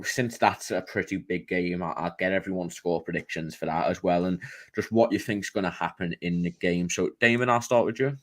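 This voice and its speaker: A man hosting a casual football podcast, passing questions around the panel. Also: fairly low pitch. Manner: leads the discussion, hands questions to each guest. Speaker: podcast host.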